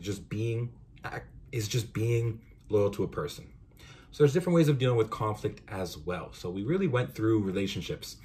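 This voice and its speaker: A young man hosting a podcast, talking through course ideas in a relaxed, conversational way with frequent asides. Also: on the low side. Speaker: podcast host. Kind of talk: casual explainer monologue.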